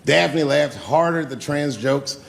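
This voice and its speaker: A man doing stand-up comedy, telling a long story and acting out the voices with big swings in pitch. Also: unhurried, creaky, heavy background noise. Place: comedy club stage. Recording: live club with long reverb and faint ambience.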